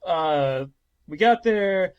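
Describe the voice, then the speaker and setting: A man in his twenties telling a comedic personal story on a podcast, animated and swearing, now and then breaking into mock-dramatic singing. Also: sits high, drawn-out words, smooth, dull audio. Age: 20s.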